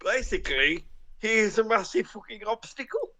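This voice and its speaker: A man's voice: high voice, lively intonation, moderate pace, background noise. A man hosting a podcast on a live stream, rambling and swearing in casual banter. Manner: rambling, sweary, self-mocking. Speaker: podcast host.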